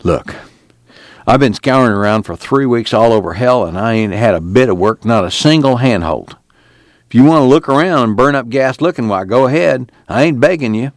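A man's voice: mid-range voice, expressive, normal speed, no room sound, clean studio sound, lightly acted. A man voicing a weary drifter who talks in a plain, blunt rural drawl.

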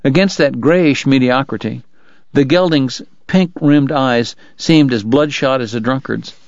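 A man narrating a novel in a steady, measured storytelling voice. The sound is close and dry, with a slightly dull, muffled top end. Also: mid-range voice, no room sound. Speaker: audiobook narrator. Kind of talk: scripted narration.

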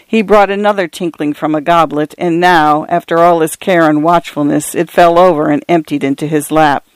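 A man reading a literary novel as an audiobook narrator in a measured, even way. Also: on the high side, clear, resonant tone, dry recording.

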